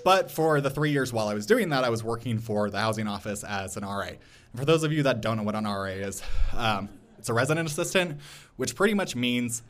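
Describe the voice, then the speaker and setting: A man in his twenties at a mid pitch telling a personal story to a live audience. His delivery is casual and self-mocking, with plenty of filler words. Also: a bit bright. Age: 20s.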